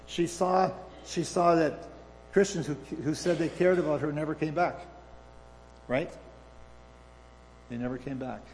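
A man preaching a sermon, halting and restarting, putting questions to his listeners. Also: mid-range voice, darkish tone, slight background noise. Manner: halting, restarts often, asks the audience questions. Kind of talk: sermon with a read-aloud story. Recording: reverberant hall.

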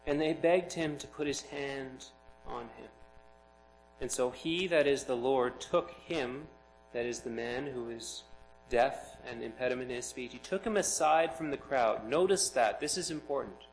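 A man's voice: medium pitch, measured pace, slight background noise, poor audio. A man preaching a sermon, reading scripture aloud and explaining it with rising emphasis. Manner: expressive, builds to emphatic peaks.

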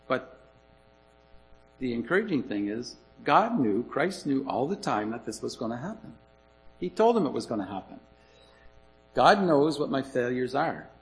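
A man's voice: medium pitch, low-quality recording. Male preacher, sermon, emphatic, repeats his points, earnest.

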